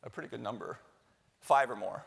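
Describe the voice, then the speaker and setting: Speaking a little fast with vocal fry and a husky, fairly bright mid-range tone, this middle-aged executive director opens a conference with a casual, joking welcome. He keeps the live audience engaged by tossing questions at them, his words echoing through a big hall.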